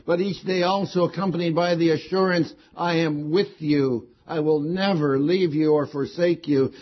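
A man's voice: a little high, lo-fi sound. A man preaching a sermon, stressing key words again and again with rising emphasis.

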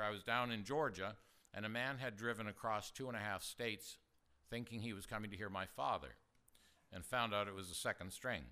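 A man's voice: mid-range voice, bright, forceful tone. An older man preaching a sermon in a conversational, storytelling way, asking his listeners rhetorical questions.

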